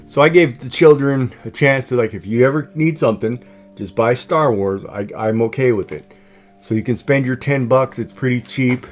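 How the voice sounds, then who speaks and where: A man's voice: mid-range voice, moderate pace, soft background music. A middle-aged man hosting a livestream from home, chatting casually and rambling with lots of fillers and restarts. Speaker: livestream host. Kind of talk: casual chat.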